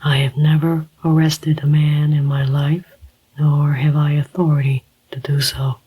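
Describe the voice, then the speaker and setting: A narrator whispering the part of a gentle, formal older male inquiry agent, as whispered role-play. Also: mid-range voice, little pitch movement, a little slow, husky, poor audio. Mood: grave.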